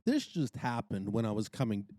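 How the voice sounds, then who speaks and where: A middle-aged man telling a story in casual podcast chat, animated and exclaiming. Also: fairly low pitch, moderate pace, dry recording, clean studio sound. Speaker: podcast co-host.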